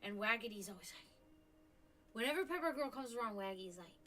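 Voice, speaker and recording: A woman's voice: on the high side, lively intonation, a little fast, bright, forceful tone. A woman hosting a live stream, chatting casually and rambling, with frequent restarts and offhand swearing. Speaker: stream host.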